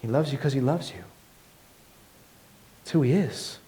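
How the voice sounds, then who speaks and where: A man preaching a sermon as pastor, earnest, moving between loud emphatic passages and soft hushed ones. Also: medium pitch, animated, normal speed, slight background noise. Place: church.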